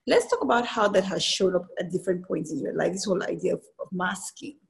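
A woman podcast host and former lawyer asking engaged, probing questions in a quick conversational way. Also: lowish voice, creaky. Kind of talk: conversational interview.

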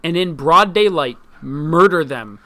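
A man's voice: a little high, animated, unhurried, crowd noise. A man co-hosting a casual podcast, rambling with lots of fillers and some swearing. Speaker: podcast co-host. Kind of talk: casual chat.

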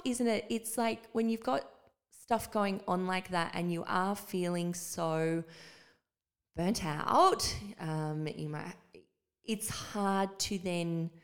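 Woman cohost on a podcast telling her own story, casual and rambly, laughs a lot. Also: lowish voice. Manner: personal storytelling, laughs easily. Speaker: podcast co-host. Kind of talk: casual chat.

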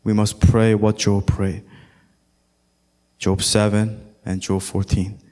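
A man's voice: fairly low pitch, flat delivery, slow, warm tone. A man as pastor preaching a sermon, his voice building in intensity and slipping into song now and then. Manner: preaching with rising intensity, sometimes singing.

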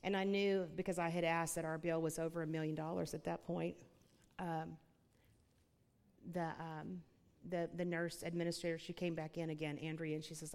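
A woman with a lowish voice tells her faith testimony in an animated, chatty way, laughing often and talking directly to the crowd. Her words ring out with a long reverb, as if she were speaking in a large hall. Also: moderate pace. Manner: animated storyteller who laughs often and addresses listeners as y'all. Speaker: guest speaker sharing a testimony.

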